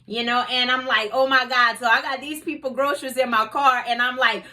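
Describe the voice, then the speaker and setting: A woman with a high, bright, pushed voice speaks a little quickly with fairly even intonation. She hosts her own faith talk show, reading scripture and telling everyday stories conversationally, dropping in plenty of "you know"s.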